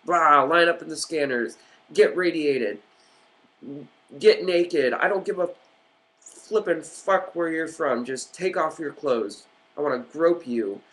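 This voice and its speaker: A crude male airport screener barks taunts and sneers in an exaggerated, sarcastic voice, put on by a man mocking him. The voice sits higher and louder than a plain speaking voice, and the taunting is deliberately overdone. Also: lively intonation, full character voice, poor audio.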